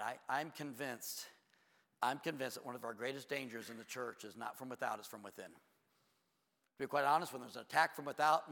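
A man preaching a sermon as pastor, telling a story with animated energy and acting out both sides of conversations. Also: mid-range voice, vocal fry. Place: church sanctuary. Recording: long church hall reverb.

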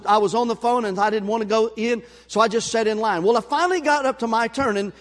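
A man preaching a sermon, telling a story with lively acted-out voices. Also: sits high. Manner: animated storyteller, acts out voices. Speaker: pastor. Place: church sanctuary. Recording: long hall reverb.

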